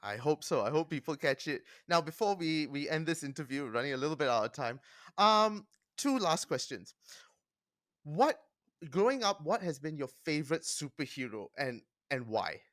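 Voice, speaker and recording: A man interviewing a guest, asking brisk, friendly questions in a casual chat. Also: a little high, animated, fairly bright tone, dry recording, clean studio sound.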